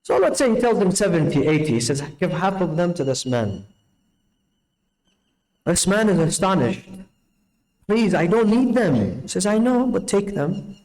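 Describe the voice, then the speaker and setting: A man's voice: normal speed, pauses often, rough recording. A man telling a story in a night sermon, acting out the dialogue with sweeping changes in his voice. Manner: animated storyteller, acts out dialogue with big pitch swings. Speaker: preacher.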